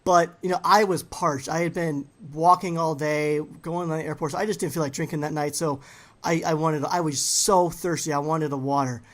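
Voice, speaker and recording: A man's voice: on the high side, normal speed. A man hosting a podcast, telling stories in a casual, teasing way. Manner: animated storyteller, teasing. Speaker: podcast host. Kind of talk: casual chat.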